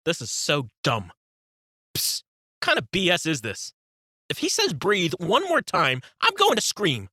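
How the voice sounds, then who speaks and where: Inner critic, put on by a male narrator: angry, ranting, bright and pushy, swinging pitch. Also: wildly swooping pitch, measured pace, dry recording, clean studio sound, exaggerated voice. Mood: exasperated ranting. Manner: ranting, scoffing, exasperated.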